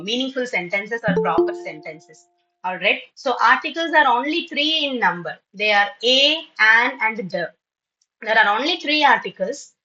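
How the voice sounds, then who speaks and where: Woman teacher, Indian English accent, high bright voice, patient and repetitive, muffled lo-fi audio. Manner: patient, repeats points with frequent "okay". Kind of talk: online lesson for children.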